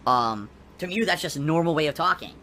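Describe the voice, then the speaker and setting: A man's voice: a little high, animated, pushed and bright, slight background noise. A male streamer from Connecticut, talking defensively to his viewers. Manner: talks quickly and defensively.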